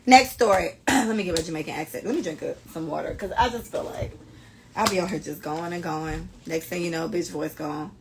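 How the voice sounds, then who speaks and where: A woman's voice: fairly low pitch, a little fast, a little hiss or hum. A woman hosting a podcast in casual chat, blunt and profane, reading listener stories aloud with her own running commentary. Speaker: podcast host.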